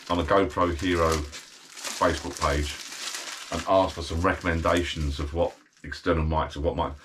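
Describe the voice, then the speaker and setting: A man's voice: very deep voice, fairly bright tone, slight background noise. A middle-aged British man chatting casually while he unboxes a gadget, rambling and thinking aloud as he goes. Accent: British English.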